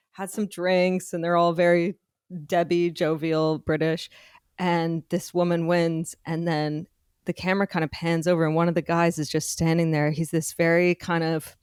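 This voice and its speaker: Woman podcast host, chatty storyteller; slightly low pitch, dry close recording. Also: darkish tone, smooth, no room sound. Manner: chatty storyteller, restarts and hedges mid-sentence. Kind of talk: casual chat, retelling a story.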